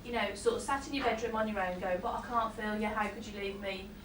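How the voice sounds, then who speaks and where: With a mid-range voice and fairly even intonation, a psychic medium talks fast during a chatty live-audience reading. She laughs often and pauses for apologetic asides. Her audio is captured by a distant mic in a roomy hall with faint noise.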